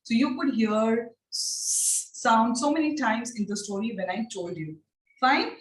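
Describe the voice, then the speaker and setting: A woman training teachers in phonics. She speaks in an encouraging way and drills each sound slowly and repeatedly. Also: fairly high pitch, expressive, slight background noise. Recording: echoey room, distant mic.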